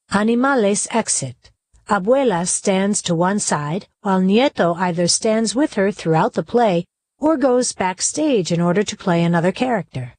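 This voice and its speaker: Expressive woman reading aloud. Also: mid-range voice, normal speed, no room sound. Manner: reads stage directions. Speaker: reader.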